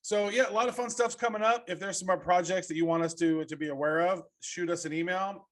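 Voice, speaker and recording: A man's voice: high voice, fairly even intonation, quick pace, a bit bright. A man co-hosting a podcast, chatting casually and reacting aloud while scrolling through things. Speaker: podcast co-host. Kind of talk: casual chat.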